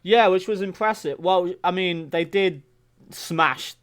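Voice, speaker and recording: A British man co-hosting a comedy podcast, dropping dry deadpan asides into an improvised story. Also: sits high, a little slow, clear, resonant tone. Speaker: podcast co-host. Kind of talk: casual improvised comedy chat.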